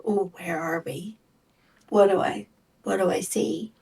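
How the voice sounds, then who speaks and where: Calm lady player figuring things out, sounds a little far from the mic. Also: lowish voice, measured pace, vocal fry, breathy edge. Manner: calm, practical, thinks out loud. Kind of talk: playing a tabletop game.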